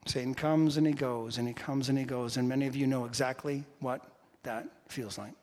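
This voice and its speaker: A man preaching a sermon as pastor, chatting with the congregation and building to loud, emphatic bursts. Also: medium pitch, steady tone, brisk. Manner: conversational with the congregation. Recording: long hall reverb.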